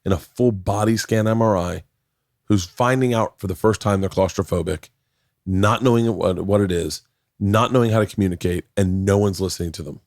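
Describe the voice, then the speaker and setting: Rambling, low-voiced man in his forties. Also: normal speed, a little mellow, no echo, clean studio sound. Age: 40s. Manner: rambling, restarts often, swears. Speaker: podcast guest. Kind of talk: casual chat.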